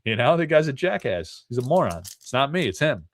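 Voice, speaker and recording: A man's voice: mid-range voice, big pitch swings, fairly quick, no room sound. Chatty man hosting a card break. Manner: rambling and chatty, laughs often between remarks. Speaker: host of a live card-pack break stream. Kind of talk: casual live-stream chat.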